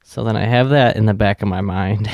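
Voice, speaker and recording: A man's voice: fairly low pitch, fairly quick, gravelly, darkish tone, no echo, lo-fi sound. A man hosting a podcast, telling a long, profane, rambling anecdote in a casual way. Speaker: podcast host. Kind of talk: casual storytelling.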